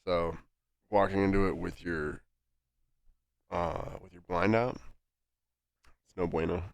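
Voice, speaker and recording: Deep-voiced male coach with a gravelly, congested sound, dry close mic, talking through gameplay. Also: slow pace, no room sound. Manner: calm, instructive, with many fillers. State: stuffy nose. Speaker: game coach. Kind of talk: coaching review commentary.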